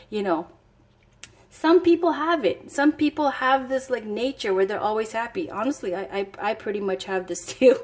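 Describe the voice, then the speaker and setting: A woman in the middle of a casual tarot reading, her voice sitting at an ordinary mid pitch. She moves between reading card passages aloud and chatting as she thinks aloud, with plenty of enthusiasm. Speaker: tarot reader.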